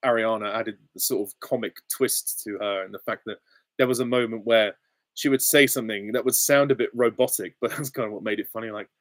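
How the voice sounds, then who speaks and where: A man's voice: on the low side, dry recording, clean studio sound. A young adult man hosting a casual live Q&A, reading out chat questions and giving short, offhand, easygoing answers. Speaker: channel host.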